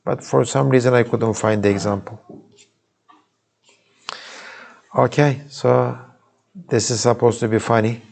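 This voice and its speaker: A man's voice: mid-range voice, steady tone, moderate pace, gravelly, darkish tone. A man with a Turkish accent giving a university lecture in a casual way, often restarting sentences and checking in with students. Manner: informal, many restarts and asides to students. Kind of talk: classroom lecture. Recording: recorded live in a lecture hall.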